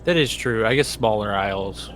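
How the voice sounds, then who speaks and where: Low-key mumbling man at a game table. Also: normal speed, a crowd in the background. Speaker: player. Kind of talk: casual tabletop game chat. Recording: noisy background.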